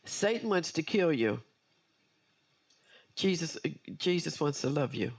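A woman's voice: low voice, animated, a little slow, slightly rough. A woman preacher delivering an earnest sermon with personal testimony, repeating key phrases for emphasis.

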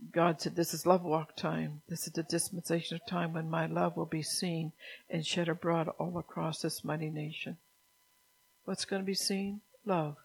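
With a creaky, slightly rough voice at a moderate pace, a middle-aged woman preaches fervently and chides her audience. She builds to loud, emphatic outbursts while her pitch holds narrow and flat.

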